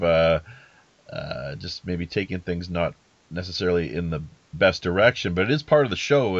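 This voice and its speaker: A man's voice: deep voice, no room sound, muffled recording. A man hosting a podcast interview, talking casually in a rambling, hesitant way with many fillers and restarts. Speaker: podcast host.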